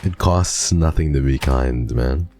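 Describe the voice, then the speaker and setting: Man, streamer, very deep voice, gravelly, playful, talks to chat. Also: measured pace, darkish tone, faint music behind. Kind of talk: casual game commentary.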